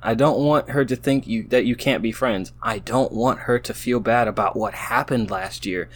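A man with a medium-pitched voice casually reads an AI-written story aloud, slowly and haltingly, with slight background noise. He keeps breaking off into amused, laughing commentary about what the text says.

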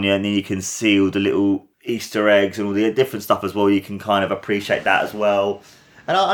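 A low-pitched man talks through a film review on his podcast in a loose, unscripted monologue. He gushes with excitement and circles back over the same points again and again. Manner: enthusiastic, rambling, repeats words. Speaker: podcast host.

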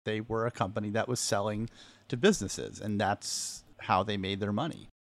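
Low-voiced man in casual recap chat. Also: steady tone, moderate pace. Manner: thoughtful, agreeable, laughs. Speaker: podcast co-host.

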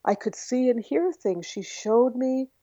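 Mellow-voiced woman telling a story. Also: fairly high pitch, a little slow, no room sound. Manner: lively anecdotal telling, acts out quoted voices. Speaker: guest, author on horse communication. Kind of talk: storytelling in an interview. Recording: slightly dull lo-fi audio, dry.

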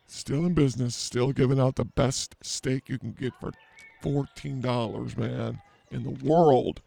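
A man's voice: medium pitch, fairly even intonation, a little slow, creaky, warm tone. A man hosting an improvised comedy podcast outdoors at a zoo, teasing his co-host with mock outrage and rambling jokes.

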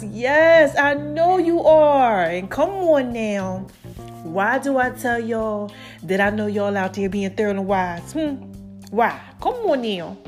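A woman hosts her podcast in a loose, playful chat and keeps calling her listeners in. Her voice sits high. Soft music plays faintly underneath. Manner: lively, playful, calls listeners "baby" and "y'all". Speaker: podcast host. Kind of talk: casual chat.

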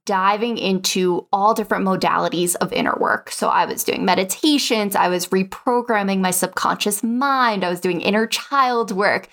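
Young adult woman, podcast guest, lively storytelling, chatty, medium pitch. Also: normal speed, hardly any pauses. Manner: chatty, lively, acts out quotes, says "like" a lot. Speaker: podcast guest, online spreadsheet teacher. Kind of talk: animated personal storytelling.

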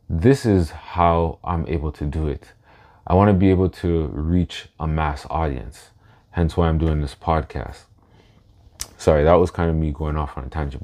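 A man in his thirties hosting a solo podcast in a casual way, slow and reflective, pausing to gather his thoughts. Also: a bass voice, a little mellow. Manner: emotional, laughs through his words. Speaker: podcast host.

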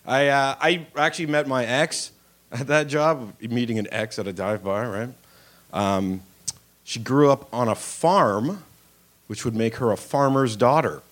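A young man with a mid-range voice works a comedy club stage in front of a live audience, speaking at a measured pace. His stand-up set is crude and self-mocking, told as stories with voices acted out.

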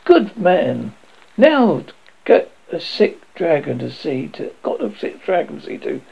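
A man puts on a bluff old wizard chief who barks his words in short, blunt bursts. The voice sits high and gravelly, rising and falling widely. The recording sounds dull and lo-fi. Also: sing-song, measured pace, full character voice. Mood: blustering. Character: blustering loud old male wizard chief.

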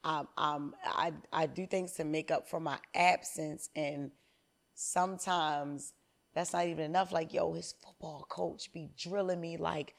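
A woman in her thirties, a comedian guest on a podcast, telling candid stories in an animated, profane way. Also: low-pitched, a little slow, gravelly.

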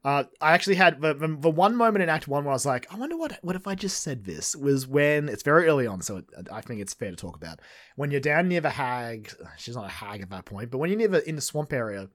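Relaxed, rambling podcast guest man. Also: medium pitch, quick pace. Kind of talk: casual chat.

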